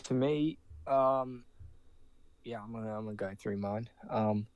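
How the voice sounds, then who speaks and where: A man's voice: fairly low pitch, unhurried, darkish tone, dry recording. A man giving his season predictions on a casual podcast, hesitant and full of fillers. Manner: hesitant, lots of fillers and restarts.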